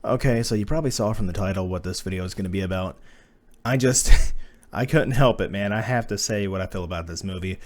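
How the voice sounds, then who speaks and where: A man's voice: on the low side, fairly quick. Blunt, swearing man reviewing a movie. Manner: blunt, profane, exasperated rants with laughs. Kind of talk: casual spoken review.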